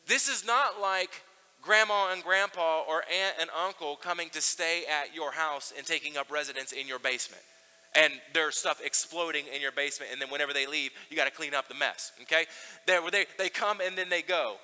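A male pastor preaching in a casual, conversational way, stumbling and restarting now and then. His voice sits high and rings very bright. A long church-hall reverb trails after his words. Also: normal speed. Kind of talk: sermon.

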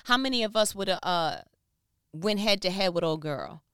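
A woman preaching an animated sermon in a casual, slangy way, asking her listeners questions. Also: medium pitch, normal speed, clear, resonant tone, no echo, studio quality. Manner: conversational, slangy, asks the audience questions.

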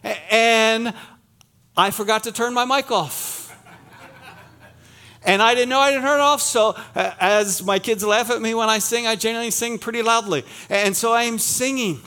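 A middle-aged man preaches in a church with a bright, fairly high voice. He is from Pennsylvania and keeps the sermon chatty, teasing himself and joking with the congregation. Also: moderate pace, clean tone. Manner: chatty, self-deprecating, jokes with the congregation. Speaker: pastor. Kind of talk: sermon with humorous asides. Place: church sanctuary.

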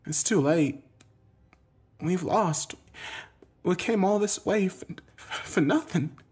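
A man puts on a grim woman guarding a secret in a horror audiobook. Her voice is raised and tense, with a husky texture. She presses every point. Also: high-pitched, lively intonation, moderate pace, darkish tone, voice pushed up, full character voice. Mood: defeated. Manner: tense, insistent.

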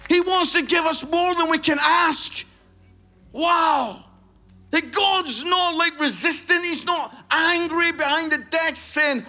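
A Scottish preacher with an unusually high, bright, forceful voice delivers a fervent church sermon. He tells stories with lots of quoted back-and-forth, then builds into shouted exhortation. Soft music plays faintly behind him. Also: a little slow. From Scotland. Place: church service.

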